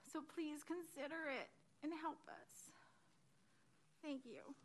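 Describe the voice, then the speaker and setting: A high-voiced woman speaks at a council meeting podium, close to crying. She pleads in a rambling, emotional way and keeps losing her composure. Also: slow pace. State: near tears. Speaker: public commenter at a city council meeting. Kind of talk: emotional public comment. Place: council chamber.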